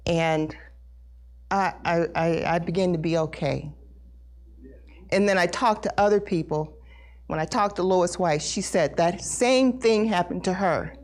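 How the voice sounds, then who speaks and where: A middle-aged woman giving an emotional personal testimony at a Bible study, earnest and halting, repeating words as she talks. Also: mid-range voice. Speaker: congregation member sharing testimony.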